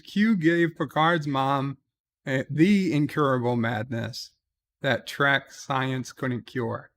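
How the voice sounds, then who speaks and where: The host of a casual livestream, a man with a medium-pitched, fairly bright voice, reads viewers' comments aloud. He answers them wryly, with plenty of "uh" in between.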